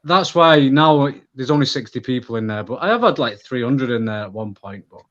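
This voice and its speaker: A man's voice: mid-range voice, animated, a little fast. Mancunian man with dull audio. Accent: Manchester. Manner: candid, rambling, many restarts. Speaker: guest. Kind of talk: casual podcast conversation.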